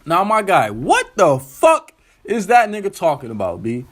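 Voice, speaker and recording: A man hosting his own web talk show, ranting in an animated, incredulous, slangy and profane way. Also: sits high, moderate pace. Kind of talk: casual solo commentary rant.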